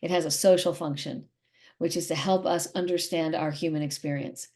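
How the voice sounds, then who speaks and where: Emphatic, animated actress guest. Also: female voice, low voice, normal speed. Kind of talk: casual interview chat.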